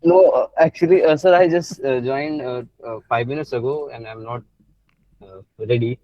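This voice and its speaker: A man's voice: medium pitch, normal speed, no echo, dull audio. A man on a video call, new to the community, speaking hesitantly with many fillers and calling the host sir. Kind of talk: casual online meeting.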